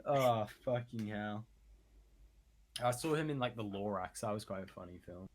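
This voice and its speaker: A man's voice: fairly low pitch, moderate pace, noisy background. A man co-hosting a podcast in casual chat, crude and often laughing as he riffs on jokes. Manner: crude, laughing, puts on silly voices in jokes. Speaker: podcast co-host.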